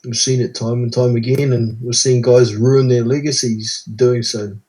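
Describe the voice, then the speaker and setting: A man's voice: mid-range voice, level tone, moderate pace, mellow, poor audio. Matter-of-fact male boxing guest. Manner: frank, matter-of-fact advice. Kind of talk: casual live-stream chat.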